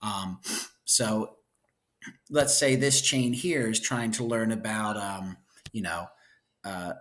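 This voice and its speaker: A male teacher talks his class through a textbook chapter in a relaxed, conversational way. He drops playful asides and checks in with his listeners after almost every point. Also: fairly low pitch, slow. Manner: chatty, checks in constantly with "right?" and "okay?"; playful asides, enthusiastic about cute pictures. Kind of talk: casual lecture walking through a book chapter.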